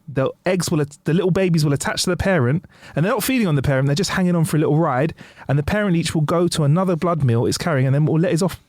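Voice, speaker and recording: Brief: young man, podcast co-host, relaxed fact-sharing, somewhat high voice, dry close mic. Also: no room sound. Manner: laid-back, sharing facts with frequent laughs. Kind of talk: casual chat.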